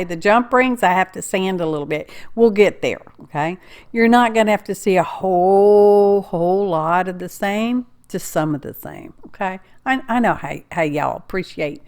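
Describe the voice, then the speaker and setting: A woman with a drawl who talks at an unhurried, easy pace. She hosts a homey crafting tutorial in a chatty, folksy way, speaking straight to her viewers and calling them "y'all". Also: on the low side. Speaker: craft channel host.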